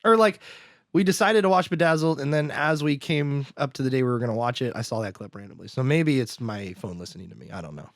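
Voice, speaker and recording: A man's voice: medium pitch, fast, no room sound, studio quality. A man co-hosting a podcast, casually recapping a film, laughing and acting out the characters' lines. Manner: animated, laughs, acts out characters. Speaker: podcast co-host. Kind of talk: casual movie recap chat.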